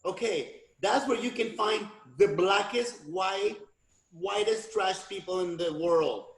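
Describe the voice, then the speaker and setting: High-voiced man in an echoey room. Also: slow. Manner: playful, code-switching into Spanish and slang impressions. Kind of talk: casual comedic chat.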